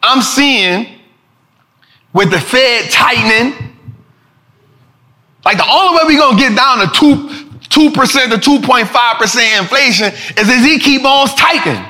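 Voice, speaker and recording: A man hosting a casual finance talk show, animated and preachy, full of slang and repeating lines for emphasis. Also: very high-pitched, measured pace, pauses often. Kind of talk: casual market commentary.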